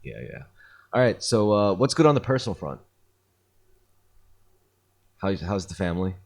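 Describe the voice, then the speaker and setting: A man's voice: sits low, big pitch swings, normal speed, creaky, darkish tone. A man hosting a podcast, retelling a story in a rambling casual way with lots of fillers and swearing. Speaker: podcast host. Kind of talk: casual chat.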